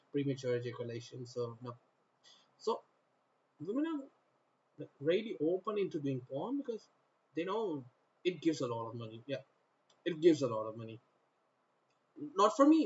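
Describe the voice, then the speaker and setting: A man's voice: medium pitch, highs cut off. A man from North India giving a rambling monologue to the camera, often repeating himself and starting sentences over. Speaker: vlogger.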